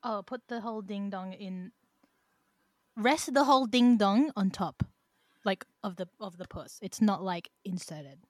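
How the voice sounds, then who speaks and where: A woman's voice: mid-range voice, unhurried, no room sound, studio quality. A young woman co-hosting a podcast, chatting in a playful, teasing, giggly way. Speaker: podcast co-host. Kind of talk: casual podcast chat.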